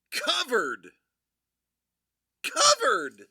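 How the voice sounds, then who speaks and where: A live stream host giving excitable commentary, giddy and prone to laughing and shouting in bursts. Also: mid-range voice, drawn-out words, no room sound, studio quality.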